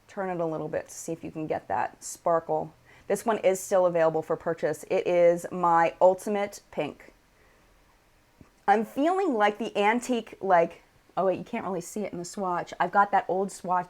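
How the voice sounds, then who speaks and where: A woman's voice: on the low side, moderate pace, darkish tone. An American woman hosting a casual live chat, reading viewer comments aloud and showing makeup on camera.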